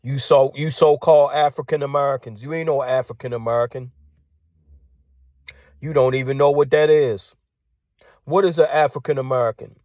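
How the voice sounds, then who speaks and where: A man delivering a combative monologue, repeating his phrases and firing off rhetorical questions, sometimes dropping to a hushed tone. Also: mid-range voice, steady tone, moderate pace, pauses often, dry recording, studio quality. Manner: drops to hushed tone at times. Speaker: commentator. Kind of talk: ranting monologue.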